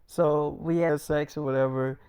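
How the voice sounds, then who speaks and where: Young man, casual rambling storyteller, high voice, dry close sound. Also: fairly even intonation, moderate pace, darkish tone, clean tone, no room sound. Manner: rambling, repeats "I'm like, she's like".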